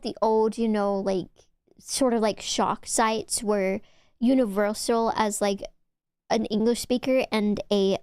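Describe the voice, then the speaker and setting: A woman's voice: a little high, clean tone, no room sound, studio quality. A young woman streaming, chatting casually with her viewers in a giggly, teasing, rambling way.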